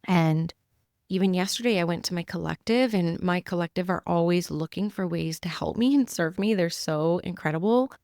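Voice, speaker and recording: A woman's voice: fairly low pitch, moderate pace, a little mellow, no room sound, studio quality. A woman speaking as a spiritual medium, sharing messages in an earnest, heartfelt, casual podcast talk.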